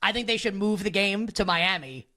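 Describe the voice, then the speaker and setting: A man hosting a sports talk show, running quickly through the day's topics and bantering with his co-host. He says "like" a lot. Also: high voice, bright, forceful tone. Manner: brisk show-opening rundown, heavy use of "like".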